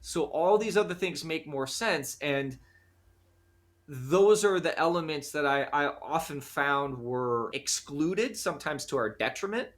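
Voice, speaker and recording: An American man, a guest in an interview, explaining his ideas in an animated way and often acting out quoted voices. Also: fairly high pitch, a little slow. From United States. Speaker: guest, conflict resolution practitioner. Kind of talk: conversational interview.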